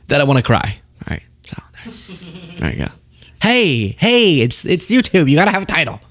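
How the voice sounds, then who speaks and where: A young man hosting a political commentary show, talking straight to camera in an exasperated, animated way and often laughing mid-rant. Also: a little high, brisk, no echo, clean studio sound.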